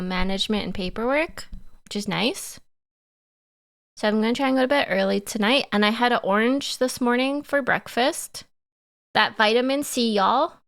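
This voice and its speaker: A woman's voice: mid-range voice, vocal fry, fairly bright tone. A woman livestreamer chatting casually with her chat in a playful, giggly way.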